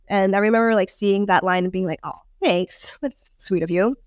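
Woman, podcast guest, chef, animated, dry. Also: medium pitch, moderate pace, smooth, dry recording. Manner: animated storytelling, many "like"s. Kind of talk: casual conversation.

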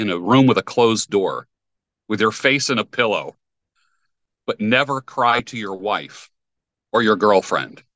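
A man's voice: on the low side, pushed and bright, no room sound. A man speaking as a podcast guest, firm and opinionated as he explains principles. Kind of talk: casual podcast conversation.

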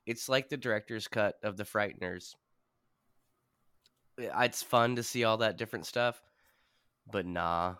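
A man co-hosting a movie podcast, swearing freely and telling animated stories in casual chat. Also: on the low side, unhurried, long pauses, smooth, dry recording, studio quality. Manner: profane, animated storyteller. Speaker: podcast co-host.

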